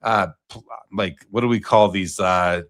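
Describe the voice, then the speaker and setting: A man hosting a live auction stream in a relaxed, chatty way. He reads out card grades and prices, gives quick verdicts, and passes questions to his guest. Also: low voice. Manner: casual, reads out lot details and asks the guest questions. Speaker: host.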